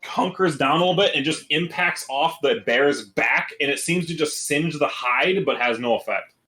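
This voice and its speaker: Guy running a d&d game, kinda high voice, laid back, sounds roomy. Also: moderate pace. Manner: relaxed, loose descriptive narration with fillers. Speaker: game master. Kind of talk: narrating a tabletop game.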